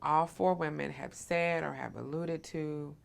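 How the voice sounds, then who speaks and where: A woman's voice: deep voice, steady tone, a little slow, creaky. A woman hosting an interview, affirming and emphatic, often tagging her points with "right?". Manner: affirming, emphatic, frequent "right?" tag questions. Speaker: interviewer and host. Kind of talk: supportive conversational interview.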